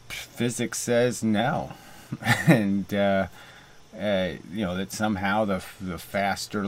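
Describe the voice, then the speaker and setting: A man's voice: sits low, slight background noise. A man hosting a casual video monologue and mock debate, rambling with many fillers and restarts. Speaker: host.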